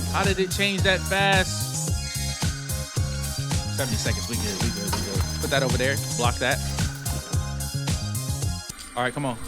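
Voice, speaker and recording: A man streaming a game, commenting in a hyped way and repeating himself as he plays. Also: a little high. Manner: hyped, repetitive, talks to himself. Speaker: gaming streamer. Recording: clear game music behind. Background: game music.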